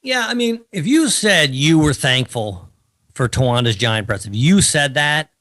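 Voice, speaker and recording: A man's voice: on the high side, a little slow, no room sound. A man, co-hosting a casual podcast, telling stories with wry teasing. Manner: animated storytelling, wry teasing. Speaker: co-host.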